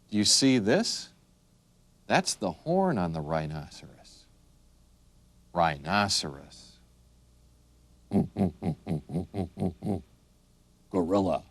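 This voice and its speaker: A man teaching young children the names of animals in a slow, sing-song way, making the animal sounds. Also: low voice, a bit bright, no room sound. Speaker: children's video narrator.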